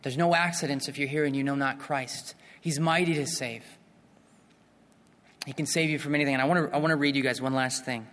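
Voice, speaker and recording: A man's voice: mid-range voice, steady tone, a little fast, fairly bright tone. A man preaching an evangelistic sermon, earnest and repeating himself, rising into impassioned appeals. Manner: repeats and restarts phrases. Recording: long reverb of a hall.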